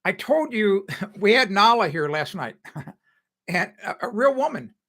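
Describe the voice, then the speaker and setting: An older man talks casually through a home improvement live stream, drifting between stories and correcting himself as he goes. His voice is bright and forward, sitting a little high for a man, and he laughs often. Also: sing-song, a little slow. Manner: rambling, chatty, laughs often, self-correcting. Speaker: home improvement show host.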